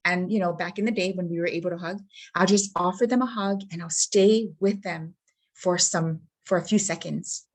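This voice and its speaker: A woman's voice: fairly low pitch, moderate pace. A woman presenting a workshop on helping grieving people, speaking earnestly and often checking in with the listener. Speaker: suicide prevention trainer.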